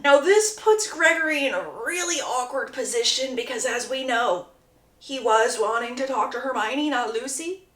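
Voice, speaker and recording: A woman with a fairly high voice walks through a romance novel chapter by chapter, chatty and gossipy, throwing in asides to her viewers. The sound bounces around an echoey room. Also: normal speed, fairly bright tone. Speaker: book reviewer. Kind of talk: casual plot retelling.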